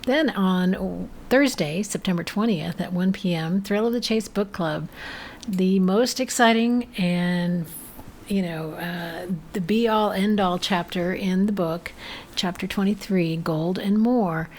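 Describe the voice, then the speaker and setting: A woman co-hosting a live show, briskly reading out the schedule with a teasing edge. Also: fairly low pitch, a little mellow, a little hiss or hum. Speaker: co-host announcing the schedule. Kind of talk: casual live-show chat.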